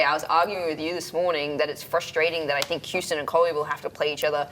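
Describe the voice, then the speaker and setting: A woman's voice: low voice, fairly even intonation, quick pace, few pauses, fairly bright tone, a little hiss or hum, rough recording. A woman with an Australian accent co-hosting a studio sports show, reading copy and chatting about football. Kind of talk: studio sports talk and news read.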